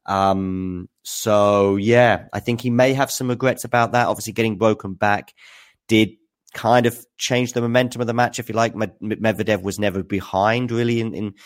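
A man's voice: fairly low pitch, steady tone, normal speed. A man hosting a live tennis news recap, chatting with viewers in a hesitant, filler-heavy way. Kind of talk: live-stream commentary recap.

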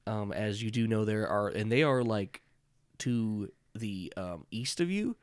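A man's voice: fairly low pitch, expressive, measured pace, smooth, no echo, clean studio sound. A man narrating a tabletop horror game as game master, in a loose, rambling way with many fillers.

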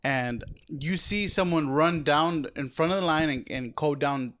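A man chatting casually with friends, voice sitting a little high. He tells his stories with frequent laughter. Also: measured pace, a bit bright. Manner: laughing storyteller. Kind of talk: casual chat.

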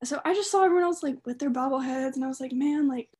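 A giggly woman from the Southern United States tells a story as a podcast co-host in a casual chat. Her voice sits high and she talks rapid-fire, animated and laughing often, with many fillers.

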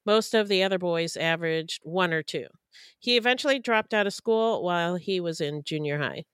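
Co-host: woman, low and smooth, calm even delivery, dry booth sound. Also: moderate pace, dry recording. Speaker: podcast co-host. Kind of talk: casual true-crime podcast chat.

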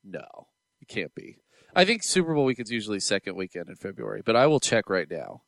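A young adult man hosting a casual podcast, excitable and quick to laugh. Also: on the low side, gravelly, no room sound, studio quality. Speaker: podcast host.

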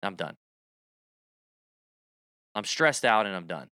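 A man co-hosting a casual podcast, animated, with goofy sound effects and exasperated rants. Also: lowish voice, takes it slowly, smooth, dry recording, studio quality. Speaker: podcast co-host. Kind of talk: casual chat about golf picks.

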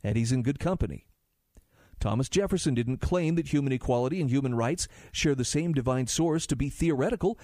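A male talk radio host, speaking in a mellow, darker tone at a middling pitch. The sound is dry and close, with little room around it. He talks conversationally, reads passages aloud and breaks in with his own asides. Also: lively intonation, brisk, dry recording. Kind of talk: talk radio monologue and ad read.

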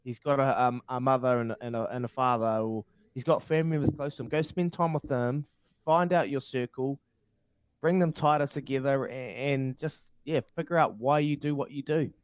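A man's voice: mid-range voice, steady tone, moderate pace, clear, resonant tone, no echo. A man co-hosting a casual sports chat, speaking reflectively and repeating himself as he searches for words. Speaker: co-host.

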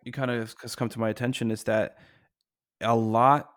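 A man co-hosting a podcast in casual chat, chiming in with brief, relaxed remarks. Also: medium pitch, normal speed, no echo, studio quality. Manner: relaxed, brief agreeing interjections. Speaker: podcast co-host.

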